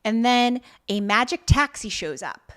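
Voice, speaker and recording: A woman's voice: on the high side, lively intonation, unhurried, a bit bright. A woman co-hosting a podcast, telling a drama's plot in a chatty way and laughing easily. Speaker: podcast co-host. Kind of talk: casual chat recapping a drama.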